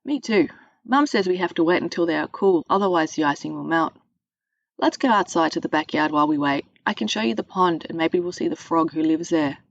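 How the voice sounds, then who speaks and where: A woman's voice: sits low, expressive, fairly quick, no echo, lo-fi sound. A woman reading a storybook voicing a cheerful, eager young girl.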